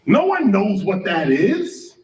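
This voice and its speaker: A man's voice: high voice, huge pitch swings, takes it slowly, darkish tone. A man lecturing an audience, firing questions and spelling out words letter by letter, heard from a distance in a large room. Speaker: speaker. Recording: roomy, from a distance.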